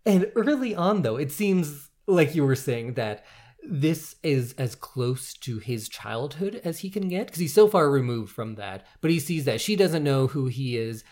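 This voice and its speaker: A man in a casual film discussion, talking in an animated way and thinking aloud. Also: on the high side, unhurried.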